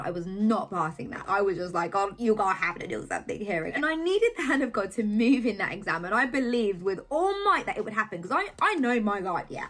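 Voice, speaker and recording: A young woman from England sharing a personal faith testimony in an emphatic, animated storytelling way. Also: medium pitch. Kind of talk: casual testimony vlog.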